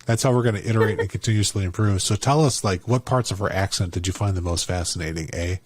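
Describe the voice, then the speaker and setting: Low-voiced male podcast host. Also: fast talker. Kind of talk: casual podcast interview.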